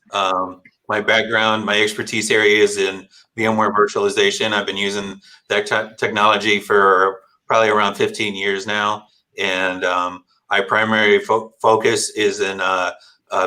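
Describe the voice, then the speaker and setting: A man's voice: fairly low pitch, sharp tone, rough recording. A man introducing himself on a video call panel in a matter-of-fact way.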